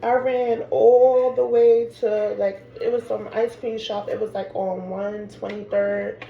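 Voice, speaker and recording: A woman from Harlem, telling a personal story in a casual, animated way and peppering her talk with "like". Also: medium pitch, measured pace, gravelly, narrow, tinny audio. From Harlem, New York. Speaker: storyteller vlogger. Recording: echoey room with background noise.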